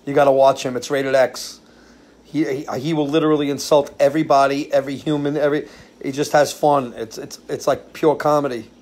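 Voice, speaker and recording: A man hosts an informal live stream from his porch, under a ceiling fan, telling rambling stories and frequently losing his train of thought. His mid-range voice is flat, a little fast, and a little mellow.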